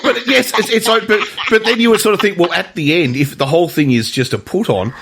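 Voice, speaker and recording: A man's voice: high voice, brisk, gravelly, background noise. A man co-hosting a film podcast in casual chat, explaining at length with many restarts. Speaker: podcast co-host.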